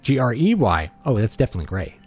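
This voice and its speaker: A man hosting a casual livestream, blunt and playful in his opinions. His pitch rises and falls a lot as he talks, and faint music plays behind him. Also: sing-song, fast, breathy edge. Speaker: livestream host and writer.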